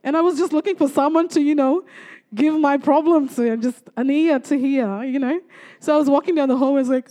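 Young woman, high voice, chatty church testimony with lots of praise-the-lords. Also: a little fast. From Torres Strait, Australia. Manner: lively storytelling with frequent praise interjections. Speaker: church speaker giving testimony.

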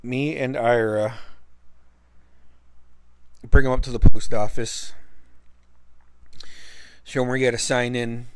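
A man's voice: medium pitch, fairly even intonation, slow, pauses often, noisy background. A man from Alaska telling a rambling personal story in a casual way, swearing heavily and using lots of fillers. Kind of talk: casual spoken anecdote.

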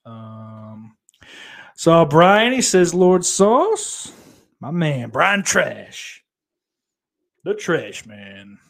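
A man's voice: fairly high pitch, big pitch swings, drawn-out words, vocal fry, long pauses, a bit bright. A man hosting a livestream, reading chat comments aloud and rambling in a profane, self-deprecating way.

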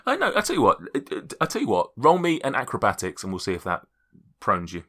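A man's voice: medium pitch, wildly swooping pitch, quick pace, pushed and bright. A man running a tabletop game, rambling and correcting himself as he narrates. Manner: rambling, self-correcting, laughs often. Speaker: game master.

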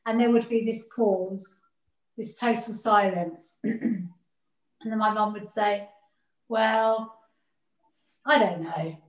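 A woman speaking earnestly as an interview guest, reflecting on her family and often repeating words as she gathers her thoughts. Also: medium pitch. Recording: roomy echo.

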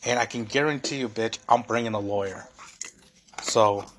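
A man's voice: fairly low pitch, normal speed, a little hiss or hum. A young man hosting a solo podcast, venting in a heated, profane, rambling way full of fillers. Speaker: podcast host.

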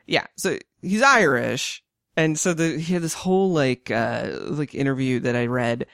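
A man's voice: medium pitch, unhurried, vocal fry, a bit bright, no room sound, clean studio sound. A man co-hosting a podcast, chatting casually about a film, often restarting his sentences and laughing along. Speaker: podcast co-host.

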